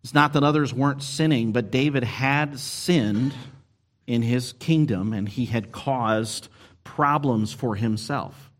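Earnest man preaching a sermon. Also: medium pitch. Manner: earnest, expressive preaching with emphatic rises and slowed stresses. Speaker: pastor.

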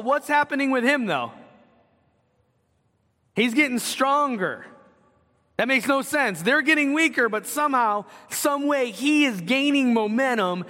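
A man's voice: extremely high pitch, sharp tone, big-room sound. A man preaching an expository sermon, asking the congregation questions as he teaches.

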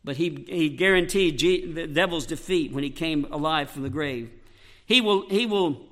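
Bright high-voiced male preacher. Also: moderate pace. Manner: emphatic, quotes scripture, repeats phrases. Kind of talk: sermon.

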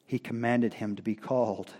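A man preaching a sermon as pastor, reading scripture and rising to loud, impassioned cries. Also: medium pitch, fairly even intonation. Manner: slow, building to loud impassioned cries when quoting scripture.

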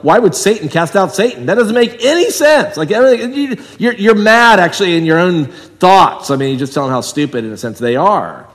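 A man's voice: sits high, long reverb tail. A man preaching an expository sermon, emphatic and acting out the voices he quotes. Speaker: pastor.

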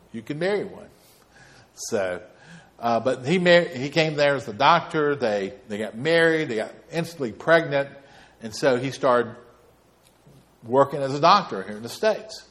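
Folksy preacher. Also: male voice, medium pitch, fairly bright tone. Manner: folksy, rambling storyteller with asides. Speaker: pastor. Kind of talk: sermon.

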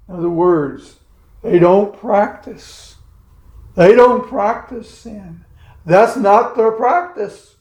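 Slow, high-voiced male preacher. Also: a little mellow, reverberant, dull audio. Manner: slow, measured preaching with heavy pauses and emphatic phrasing. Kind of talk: sermon.

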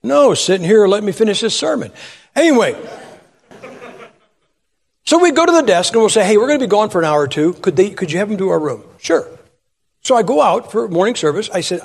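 A man's voice: high-pitched, very animated, a little fast, gravelly, long pauses, husky, big-room sound. A man preaching a humorous sermon in church, telling folksy stories, asking the crowd rhetorical questions and acting out voices. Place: church sanctuary.

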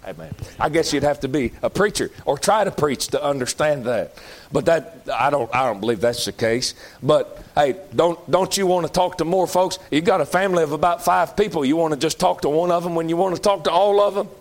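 A male pastor preaching a folksy sermon that climbs to shouting. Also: on the high side, brisk.

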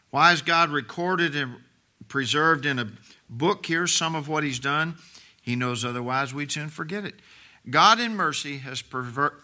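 Middle-aged male pastor, very bright and forceful voice, preaching with rises and drops, homely asides. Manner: preaching with big swings in volume and pitch; homely asides with laughs to the congregation. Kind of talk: sermon.

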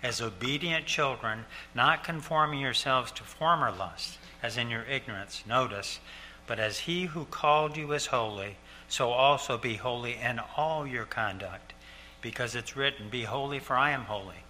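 An older male pastor delivers an earnest sermon in a strikingly bright, forward voice, pausing to repeat key phrases slowly. A faint steady hum sits under the recording. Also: mid-range voice. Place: church sanctuary.

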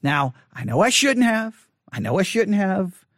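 Animated high-voiced man telling a story. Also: unhurried, dry recording, clean studio sound. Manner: animated, acts out quotes, rises to near shouting when exasperated. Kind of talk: casual storytelling monologue.

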